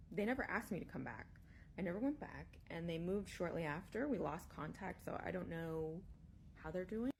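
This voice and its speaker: Gravelly-voiced woman telling a spooky story. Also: on the low side, a little hiss or hum. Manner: hushed, drops to near-whispers. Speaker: babysitter recounting a haunting.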